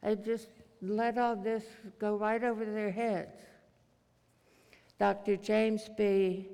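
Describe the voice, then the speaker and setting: A preacher delivering a sermon in a slow, deliberate cadence built on repetition. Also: mid-range voice, flat delivery, vocal fry, a little mellow, clear, resonant tone, in a large hall.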